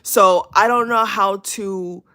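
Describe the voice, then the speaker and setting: A woman's voice: mid-range voice, fairly even intonation, slow pace, bright, forceful tone. A woman hosting her channel, speaking casually and earnestly to her viewers, rambling and repeating herself with many fillers. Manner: earnest and emphatic. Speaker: channel host. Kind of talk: casual spoken warning to viewers.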